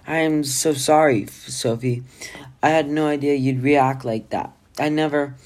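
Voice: mid-range voice, steady tone, unhurried, a little mellow, close to an everyday voice. A remorseful teen boy, read by a narrator.

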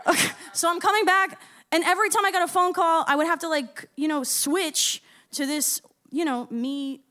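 High-voiced woman telling a story on stage. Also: moderate pace. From Florida. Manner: lively, swearing, laughing, rambling. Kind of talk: live storytelling to an audience.

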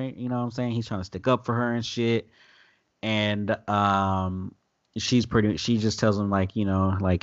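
A man's voice: on the low side, normal speed, dry recording, muffled recording. A man recapping a TV episode in loose, profane casual chat. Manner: loose, profane, animated retelling with quoted voices. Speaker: podcast host recapping an episode.

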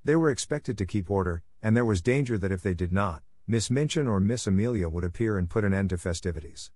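A man narrating a classic novel as an audiobook for language learners, reading in a measured, clear way. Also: on the low side, lively intonation, darkish tone, no room sound.

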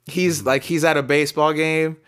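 A man's voice: on the high side, little pitch movement, moderate pace, fairly bright tone, clean tone. A young man co-hosting a casual podcast, joking and laughing often as he talks. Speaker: podcast co-host.

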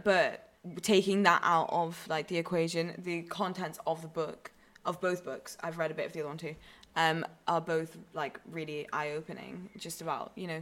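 A woman's voice: sits low, a bit bright. A young woman with a northern English accent from the Newcastle area, co-hosting a casual podcast chat and rambling with fillers and restarts. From Newcastle, northern England. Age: young adult. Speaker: podcast co-host, university student.

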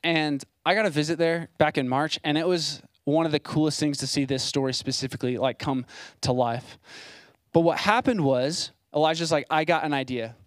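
A man's voice: on the high side, moderate pace, no echo. A young man preaching a sermon as a site pastor, in a casual, conversational way with plain asides.

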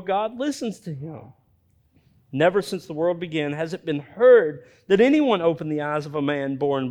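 Man, pastor, sermon, high-pitched voice, animated scripture reading. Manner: animated, reads scripture with dramatized voices for characters.

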